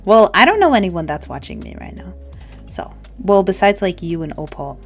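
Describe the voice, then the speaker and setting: A woman's voice: on the low side, sing-song, moderate pace, vocal fry, faint music behind. A young woman livestreamer rambling casually to her chat and swearing now and then. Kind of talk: casual live-stream chat.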